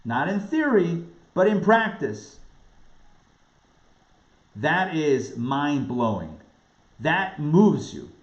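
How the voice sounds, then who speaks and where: A man from the New York area, a rabbi teaching a class with animated, emphatic delivery and repeated words for stress. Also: a little high, very slow, long pauses. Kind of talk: lively lecture on a spiritual text. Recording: roomy, dull lo-fi sound.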